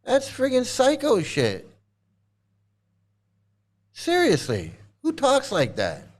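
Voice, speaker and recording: A man's voice: very high voice, huge pitch swings, slow pace. A man ranting in angry commentary as a former member, profane and repetitive, restarting his sentences.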